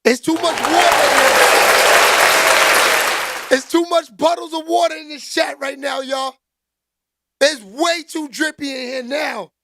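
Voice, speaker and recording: High, gravelly man shouting out his chat. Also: fairly even intonation, measured pace, pauses often, a loud crowd, heavy background noise. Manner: loud, joking, shouts out chat names. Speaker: livestream host reading chat. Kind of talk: casual livestream chat. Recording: music playing behind.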